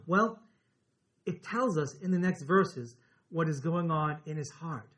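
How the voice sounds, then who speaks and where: Male pastor, high for a man, earnest sermon delivery, lingers on key words. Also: expressive, a bit bright. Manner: earnest, slows and drops his voice on key words.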